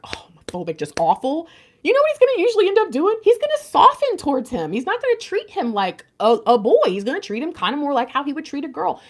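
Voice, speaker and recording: A woman giving a tarot reading in a casual, confiding way, speaking straight to her viewers. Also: on the high side. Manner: animated, confiding, addresses viewers directly. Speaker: tarot reader. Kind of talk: casual spiritual reading talk.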